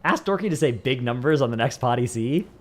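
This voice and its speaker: A Northern Californian man from the San Francisco Bay Area livestreams, chatting casually and rambling, with "like" in many sentences. His mid-range voice has a darkish tone and lively intonation, and he speaks a little fast.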